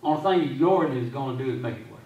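A man preaching a sermon as pastor, quoting scripture and repeating phrases, swinging between loud and hushed delivery. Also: mid-range voice, lively intonation, rapid-fire, narrow, tinny audio. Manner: quotes scripture. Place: church sanctuary. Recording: echoey sanctuary from a distance.

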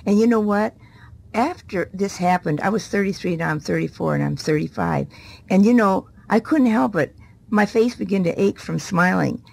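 Interview guest, middle-aged woman, gravelly and husky, vivid storyteller. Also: medium pitch, moderate pace. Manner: lively storyteller acting out quoted voices. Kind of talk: testimony in a TV interview.

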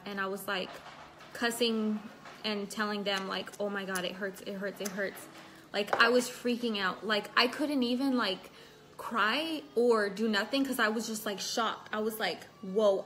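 A woman's voice: mid-range voice, a bit bright, slight background noise. A young woman chatting casually on a home livestream, telling a personal story and stopping to greet and thank viewers. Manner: chatty, reads viewer comments aloud. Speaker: livestream host. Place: at home indoors.

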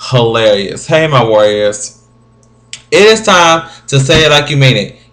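A man's voice: mid-range voice, expressive, measured pace, fairly bright tone. A young man vlogging casually, reading out viewer comments with dramatic, rambling asides and a voice that sometimes sinks to a mumble. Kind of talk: casual chat to camera.

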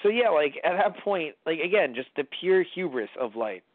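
Podcast co-host, man, animated and swearing, fairly high voice, dry tinny line. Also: normal speed, dry recording. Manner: animated, profane, rambling. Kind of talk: casual movie review chat.

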